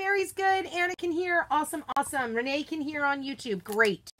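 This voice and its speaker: A woman's voice: high-pitched, fairly quick, bright, forceful tone. A woman hosting a live craft unboxing stream, bubbly and gushing, greeting viewers by name in casual chat from her desk at home.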